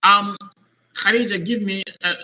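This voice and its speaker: A male Arabic teacher with a high voice and a very bright, sharp edge to it. He talks patiently and repeats words slowly so a young student can follow. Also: fairly even intonation, rough recording. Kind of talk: one-on-one language lesson for a child.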